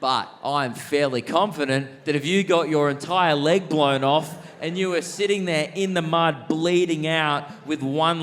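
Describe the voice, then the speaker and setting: An Australian man telling a story on stage as a stand-up comedian, in a quick, animated style. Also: on the high side, big-room sound. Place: theatre stage.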